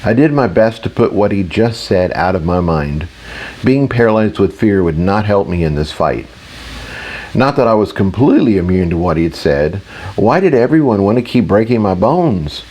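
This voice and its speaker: A man narrates a fantasy audiobook in the first person. His reading is steady and matter-of-fact, in a fairly low voice. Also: normal speed.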